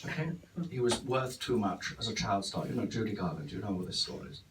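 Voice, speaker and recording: A man performing live stand-up character comedy as a vain, rambling older female stage actress, self-absorbed and theatrical with deadpan asides. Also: fairly low pitch, brisk, close to an everyday voice. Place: comedy club stage before a live audience. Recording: distant mic, loud room noise.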